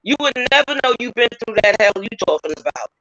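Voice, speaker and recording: Emphatic host with gravelly lo-fi voice. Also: male voice, very high voice, big pitch swings, quick pace, sharp tone, no room sound. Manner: emphatic, affirming, informal speech. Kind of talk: supportive casual talk. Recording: dry dull lo-fi audio.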